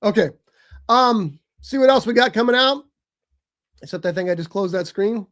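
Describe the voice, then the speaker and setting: A man's voice: high voice, animated, moderate pace, fairly bright tone. A man co-hosting a casual movie chat on a live stream, chatty and given to exasperated teasing. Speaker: co-host. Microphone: streaming mic.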